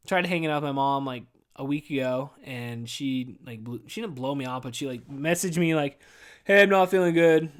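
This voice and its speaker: A podcast host in his thirties rambles through a casual monologue, venting wearily and cursing nonstop. His pitch is medium and his pace moderate, with barely any pauses, and "dude" comes up constantly.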